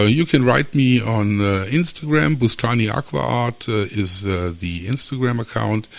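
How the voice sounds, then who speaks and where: German-accented male podcast host, native German speaker, low gravelly voice, hesitant delivery. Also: no echo. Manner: hesitant, many filler sounds. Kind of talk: solo podcast monologue.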